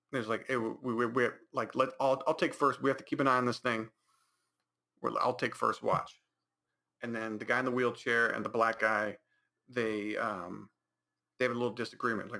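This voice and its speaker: With a medium-pitched, bright, forceful voice, a podcast host gives a rambling, sneering summary of a movie. He restarts many times and throws in put-on reactions.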